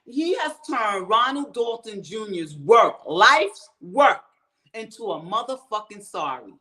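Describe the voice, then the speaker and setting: A woman's voice: mid-range voice, sing-song, slow pace, bright, forceful tone. A woman from the United States hosting her own show, ranting in a profane, fired-up commentary straight to her viewers. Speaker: show host.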